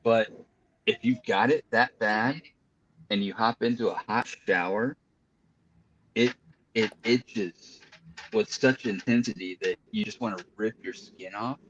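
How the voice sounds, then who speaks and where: A man guesting on a casual podcast shares candid personal stories with animated delivery. His voice sits fairly low. The recording sounds dull and lo-fi, with the highs muffled. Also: unhurried, long pauses, a little hiss or hum. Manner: animated, confessional storytelling. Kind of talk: casual chat.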